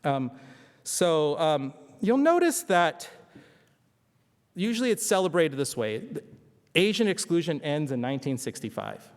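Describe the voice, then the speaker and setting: A man's voice: on the high side, very animated, unhurried, pauses often. A man giving a conversational history lecture at a symposium, often asking the audience rhetorical questions. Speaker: symposium speaker. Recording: long hall reverb.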